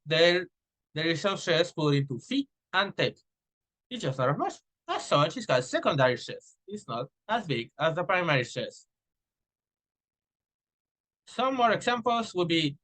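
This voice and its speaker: A young adult man whose first language is Spanish gives a recorded class presentation on phonetics, explaining pronunciation by drawing out example words slowly, with occasional restarts and fillers. His voice is a little high, bright, and forward, and the recording is rough.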